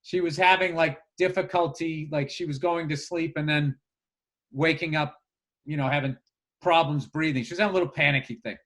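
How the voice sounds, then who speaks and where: A man co-hosting a podcast in casual chat, telling stories in an animated way, swearing and acting out what people said. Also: a little high, brisk. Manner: animated storyteller, swears a lot, acts out voices. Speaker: podcast co-host.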